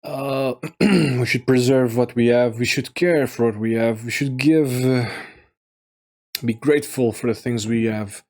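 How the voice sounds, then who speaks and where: Brief: unhurried male reviewer, mid-range voice, stumbling and restarting as he thinks aloud. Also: medium pitch, darkish tone. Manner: halting and rambling, many fillers and restarts. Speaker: video game reviewer. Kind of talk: casual solo commentary.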